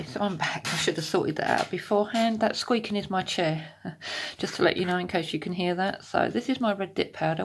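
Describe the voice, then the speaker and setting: A woman's voice: lowish voice, vocal fry. A woman giving a casual step-by-step nail tutorial from her home desk, chatty and explanatory, sometimes dropping into half-whispers. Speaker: nail art vlogger.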